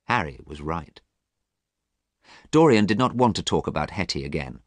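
A man with a low voice narrates a storybook for learners of English. His reading is clear and expressive, with wide swings in pitch. The sound is dry and close. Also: normal speed, long pauses, no echo.

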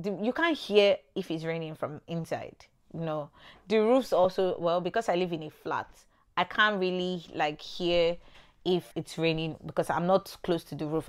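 A young Nigerian woman with a Nigerian accent, chatting to camera in a casual vlog and repeating her points for emphasis. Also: lowish voice. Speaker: vlogger.

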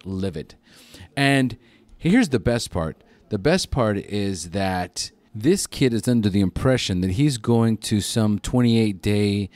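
Male podcast guest, lower register, dry close sound, profane animated storyteller. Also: no room sound. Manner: profane, animated retelling with acted-out quotes. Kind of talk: casual storytelling.

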